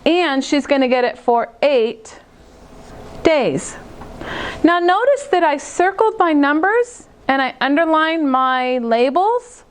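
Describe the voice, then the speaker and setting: A woman teacher recording a math lesson for second graders, talking through each step slowly and clearly. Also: high voice, lively intonation. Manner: slow, clear, step-by-step explaining.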